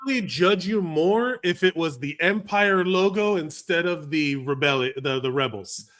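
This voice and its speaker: A man's voice: a little high, expressive, normal speed, fairly bright tone. A man co-hosting a casual podcast chat, wordy and fond of explaining things at length. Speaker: podcast co-host.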